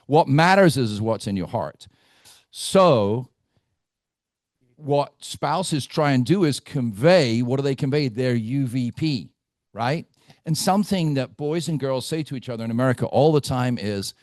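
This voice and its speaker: A man's voice: medium pitch, expressive, moderate pace, darkish tone, dry recording, clean studio sound. A middle-aged man leading a live team training in a meeting room, blunt and full of stories, often checking in with "right?".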